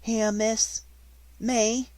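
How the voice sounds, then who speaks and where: A man voicing a timid young scullery maid who stammers breathless apologies in a high, pleading voice. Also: unhurried, darkish tone, dry recording.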